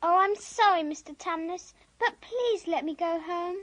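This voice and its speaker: A woman's voice: extremely high pitch, measured pace, a bit bright, no room sound. A woman voicing a kind, well-mannered young girl in an amateur radio play. She speaks earnestly and pleads. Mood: earnest, pleading.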